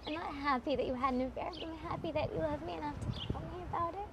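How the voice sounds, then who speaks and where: A woman's voice: high-pitched, fast talker, noisy background. A young woman talking in a chatty, earnest, cheerfully oblivious way in an improvised mockumentary scene. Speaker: girlfriend.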